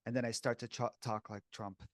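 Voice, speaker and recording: A man's voice: mid-range voice, level tone, a little fast, dry recording, studio quality. A man co-hosting a podcast, talking casually and candidly and calling the other host "bro" and "dude".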